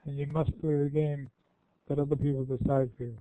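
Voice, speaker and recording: An older man acting as a guest speaker gives students an informal, rambling question-and-answer talk, folksy and often correcting himself. His slightly high voice is clear and resonant but flat, moving at a quick pace, on a dry recording that sounds like a tinny phone line.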